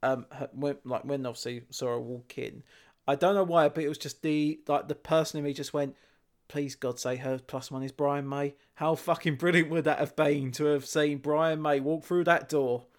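A man's voice: a little high, steady tone, normal speed. A man, co-hosting a casual chat and telling stories animatedly, swearing and laughing. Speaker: podcast co-host.

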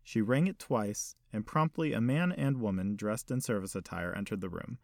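A man reading a story aloud in a measured, steady storytelling manner. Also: on the low side, vocal fry, dry recording, clean studio sound. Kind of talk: scripted narration.

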